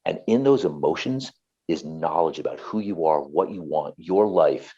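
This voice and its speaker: A man's voice: rumbling low, lively intonation, normal speed, mellow, husky, highs cut off. A man, a therapist and author, talking earnestly and passionately as an interview guest, often repeating himself.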